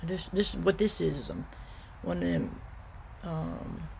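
A woman's voice: low voice, sing-song, slow, vocal fry, a little mellow, a little hiss or hum. A middle-aged woman with a Southern US accent, chatting casually to her viewers in a thrift-shopping vlog. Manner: chatty, drawling, addresses viewers as y'all. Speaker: vlogger.

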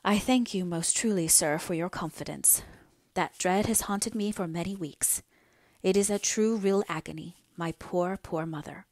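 A woman's voice: fairly low pitch, moderate pace, a little mellow, no echo. A woman voicing an earnest, anxious young daughter in an audiobook reading, her lines pleading and near tears. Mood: shaken. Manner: pleading, then breaking into tears.

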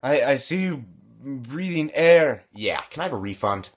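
A young man performing crude short comedy sketches, flipping from deadpan mutters to foul-mouthed outbursts. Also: mid-range voice, normal speed. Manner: crude, deadpan then explosive.

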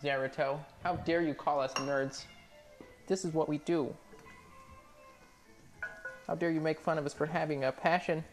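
A man's voice: a little high, steady tone, moderate pace, pauses often, music in the background, voice pushed up, close to an everyday voice. A man putting on the voice of a snooty, indignant role-play purist who scolds in a huffy, self-important way.

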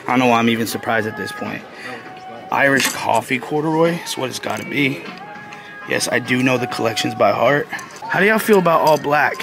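A young man in a casual, slangy vlog, chatting excitedly while browsing a store. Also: medium pitch. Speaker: vlogger. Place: indoor retail store. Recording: store music behind the voice. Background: music playing in the store.

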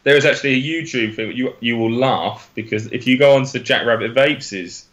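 This is a young Englishman with an Oxfordshire accent, talking on a relaxed live stream as a guest. His pitch sits in an ordinary middle range. He rambles, restarts his sentences and laughs easily. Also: moderate pace, muffled recording. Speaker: guest, e-liquid maker. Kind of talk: casual live-stream chat.

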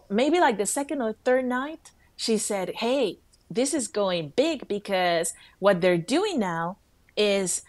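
A woman co-hosts a faith talk show, telling a story with animated energy. She acts out the quoted voices, her pitch leaping and falling. The sound is close and dry. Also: no echo. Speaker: co-host.

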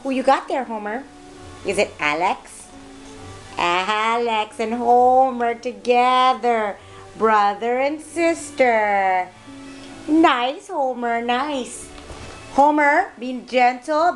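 A woman talking to her pets in a coaxing, doting voice. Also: fairly high pitch. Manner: coaxing, doting pet talk. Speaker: pet owner.

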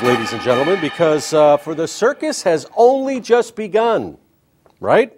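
A man's voice: a little high, very animated, moderate pace, over music. A man hosting a comedic talk show, delivering a wisecracking monologue.

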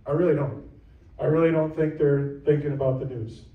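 A man's voice: a little high, steady tone, brisk, roomy sound, far from the mic, phone-quality sound. A man preaching a sermon as pastor, earnest and repetitive, now and then acting out the voices of other people. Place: church sanctuary.

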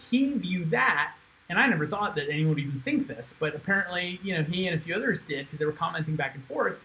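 A man's voice: high voice, bright, forceful tone, low-quality recording. A man hosting a casual live stream. He talks bluntly and with energy, swears freely, calls listeners "dude" and reads viewer comments aloud.

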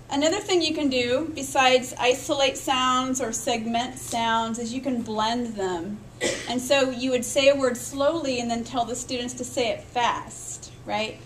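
A woman's voice: fairly high pitch, a little hiss or hum, rough recording. A woman teaching a recorded lecture on literacy, explaining step by step, sounding out speech sounds aloud and checking in with her listeners. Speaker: literacy education instructor.

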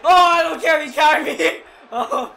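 A man playing a wrestling video game with a friend, shouting at the screen and groaning when things go wrong. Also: very high-pitched, moderate pace, gravelly. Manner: yelling at the game, frequent groans and laughs. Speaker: gameplay video host. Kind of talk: excited co-op gameplay commentary. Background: game crowd noise.

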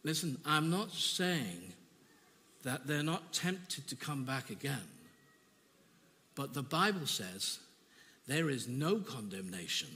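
A man preaching a sermon in a church, telling an emotional personal testimony with halting repetitions. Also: medium pitch, sing-song, pushed and bright. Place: church hall. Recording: reverberant church hall.

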